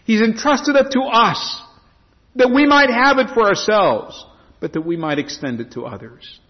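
A pastor preaches a sermon, reading and explaining scripture with lively emphasis that rises and falls. His voice sits high and moves at a moderate pace. The lo-fi recording sounds dull and echoes in a reverberant hall.

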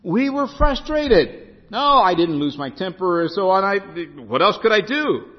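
A man with a high, lively voice delivers a sermon, moving between storytelling and slow, emphatic scripture reading. His voice rises and falls widely. The sound is dull and carries a long church-hall reverb. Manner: storytelling preacher, reads scripture slowly and emphatically. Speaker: pastor.

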